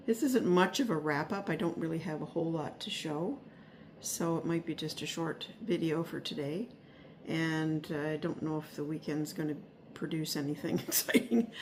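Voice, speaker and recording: A woman's voice: on the low side, darkish tone, a little hiss or hum. A woman giving a casual weekly garden update, rambling and hesitant with many fillers and restarts. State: a little out of breath. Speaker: vlogger. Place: home, upstairs spare room.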